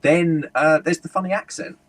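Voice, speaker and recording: A man from the United Kingdom, a humorist, telling an anecdote in a relaxed interview and slipping into voices for the people he quotes. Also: fairly high pitch, moderate pace, rough recording. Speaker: guest speaker and humorist. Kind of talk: casual storytelling interview.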